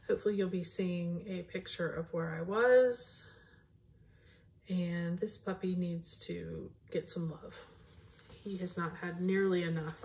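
A woman's voice: lowish voice, darkish tone. A woman hosts a cross-stitch vlog in a casual show-and-tell chat. She rambles a little and talks directly to her viewers as she shows off her projects. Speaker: cross-stitch video host.

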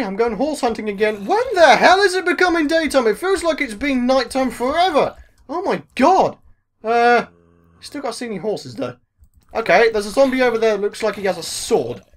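A man with a British accent giving excitable let's-play commentary as a gaming video host, talking to himself, repeating phrases over and over and swearing mildly. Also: high voice. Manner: mild swearing, talks to himself.

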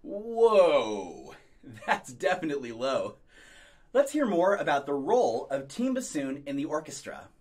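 A man hosting a children's music program, leading call-and-response sing-along songs and talking slowly and clearly to young kids. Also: fairly high pitch, big pitch swings, noisy background. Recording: loud music under the voice. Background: guitar music.

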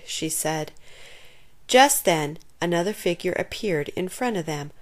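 A woman reading a children's chapter book aloud, narrating expressively and giving the characters lively voices. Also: on the low side, measured pace. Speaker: storyteller.

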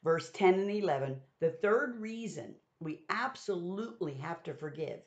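A woman's voice: fairly low pitch, expressive, normal speed, a little mellow. A woman giving a conversational Bible teaching, retelling scripture in everyday modern words. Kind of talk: sermon teaching. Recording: dull lo-fi sound.

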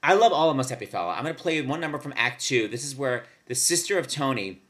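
A man hosting casual music commentary, gushing and excitable about old show tunes. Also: medium pitch, fast talker. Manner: gushing, excitable, sings along. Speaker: host.

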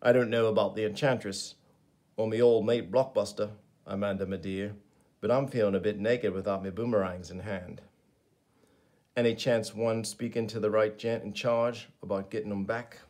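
A man's voice: on the low side, fairly even intonation, moderate pace, a little mellow, lightly acted. A man voicing a brash Australian crook in a put-on Australian accent, sounding cheeky and boastful while reading a comic aloud. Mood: cocky.

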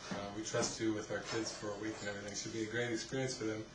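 A man, a spiritual teacher, telling a rambling, animated story in casual talk at a retreat, often laughing. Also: on the low side, very fast. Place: retreat hall. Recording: roomy, distant, noisy ambience.

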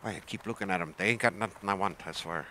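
A man's voice: low-pitched, fast, background noise. A man chatting through his gameplay in a playful pirate manner, tossing in "arr" and "I swear". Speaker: gaming streamer. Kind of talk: casual gameplay commentary.

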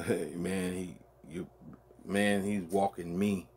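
A man telling a long, casual story as a show host, with a loose, drawn-out delivery full of restarts and asides to the listener. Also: low-pitched, steady tone, a little mellow, a little hiss or hum. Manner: loose and conversational, peppered with "man" and "you dig".

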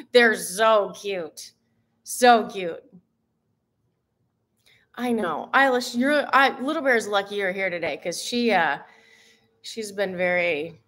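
A woman's voice: mid-range voice, fairly bright tone. A woman fitness coach chatting live with her viewers, bubbly and giggly, gushing often. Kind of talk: live stream chat with viewers.

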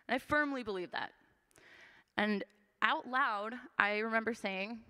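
In an unhurried, slightly high voice that's pushed and bright but clean, a young woman tells her personal testimony in a church sanctuary, pausing often. She's earnest and conversational, filling gaps with frequent fillers, and the long hall reverb carries her story.

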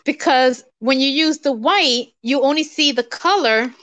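A woman hosting a live craft stream, relaxed and easygoing, giving tips in casual chat. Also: high voice, unhurried. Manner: relaxed, easygoing, repeats herself.

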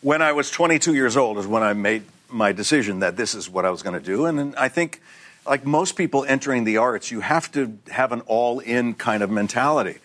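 A man in his sixties, a guest on a TV talk show, telling anecdotes in an animated way. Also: mid-range voice, fairly quick. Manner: animated anecdotes, acts out quoted voices. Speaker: guest actor. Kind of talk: storytelling in a talk show interview.

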